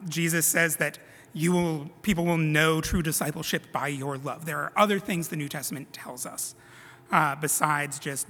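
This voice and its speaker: Bright-voiced man preaching in a reverberant hall. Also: fairly high pitch, fairly even intonation, normal speed. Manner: conversational, self-deprecating asides. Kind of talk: sermon. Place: church sanctuary.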